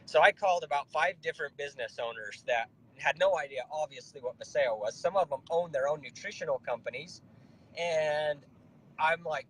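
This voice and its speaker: A man casually telling an animated personal story, quoting the people he talked to. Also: a little high, a little fast, a little hiss or hum, low-quality recording. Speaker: network marketing distributor. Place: Facebook Live broadcast.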